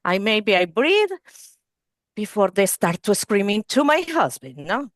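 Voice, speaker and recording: Over a video call, a woman leads a training webinar for early-learning teachers in non-native English, often checking in with "okay?" and "you see." Her medium-pitched voice is sing-song and unhurried. The sound is clean studio quality with no room sound.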